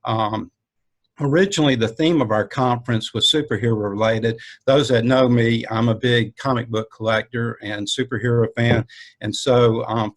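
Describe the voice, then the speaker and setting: A man with a Southern US accent opens a conference and introduces the keynote speaker, halting with many ums and uhs. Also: mid-range voice. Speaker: conference host. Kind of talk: conference opening remarks.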